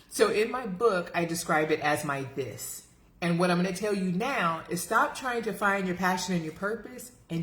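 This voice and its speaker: Energetic woman coaching on a live stream. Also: lowish voice. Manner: energetic, emphatic, addresses viewers as girlfriends. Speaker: life coach for women over 40. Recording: roomy echo.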